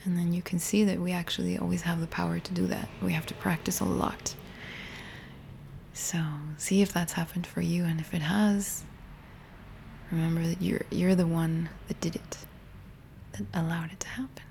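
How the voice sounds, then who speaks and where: A young woman speaking to viewers in a gentle, intimate way, often dropping into a whisper and circling back over her words. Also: on the low side, flat delivery, normal speed, creaky, a little hiss or hum. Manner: gentle, intimate, rambling with many restarts. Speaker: spiritual healing teacher. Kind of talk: soft, partly whispered reflective talk to viewers.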